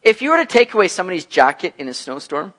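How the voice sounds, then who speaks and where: A man preaching through a Bible passage in a casual, lively way. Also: high-pitched, quick pace. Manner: lively, acts out bubbly and gloomy voices in his examples. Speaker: pastor. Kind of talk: expository sermon, casual and animated.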